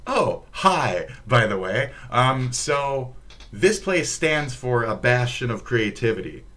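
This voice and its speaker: Speaking in a mid-range, very animated voice, this man from Minnesota takes his time, his tone fairly bright and his accent distinctly Minnesotan. He's a streamer chatting casually, cursing and wandering off topic.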